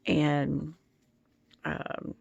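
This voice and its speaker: A woman's voice: sits low, monotone, extremely slow, gravelly, a little mellow, muffled recording, a little hiss or hum. A woman telling a story in a casual home vlog as a tarot-reading YouTuber, in a meandering, hesitant way.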